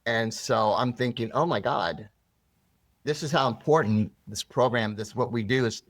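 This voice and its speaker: In an interview, a male guest earnestly recounts something personal, starting over repeatedly and wandering off on tangents. He speaks at medium pitch and a moderate pace, with no room sound.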